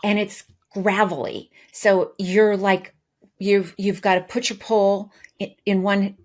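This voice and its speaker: A woman's voice: medium pitch, flat delivery, unhurried, a little mellow. A woman co-hosting a podcast, telling her story in a chatty way with frequent restarts. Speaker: podcast co-host. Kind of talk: casual chat.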